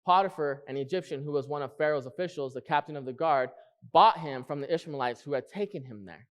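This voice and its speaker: A man preaching a sermon in church, earnest, repeating key phrases and slowing down to stress them. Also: fairly high pitch.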